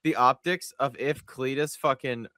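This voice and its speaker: A man co-hosting a racing podcast in casual chat, excitable and profane. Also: mid-range voice, unhurried, dry recording, clean studio sound. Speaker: podcast co-host.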